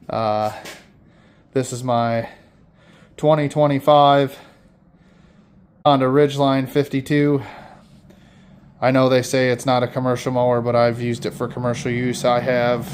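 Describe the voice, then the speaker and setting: A Michigan man casually walks through the equipment for his lawn service, speaking haltingly with lots of fillers and self-corrections. His voice is mid-range and a little mellow, with slight background noise.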